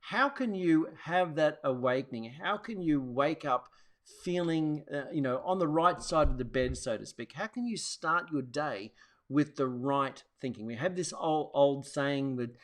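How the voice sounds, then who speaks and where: A man hosts a wellness show, talking straight to viewers in a loose, rambling way. He restarts often, and his voice sits fairly high for a man. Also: measured pace. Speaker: host. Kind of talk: casual monologue to viewers.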